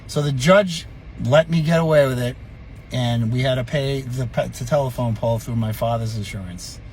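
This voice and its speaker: A middle-aged man telling a story from his youth in an animated, profane, chuckling way. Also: mid-range voice, moderate pace, slight background noise. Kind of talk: casual storytelling vlog.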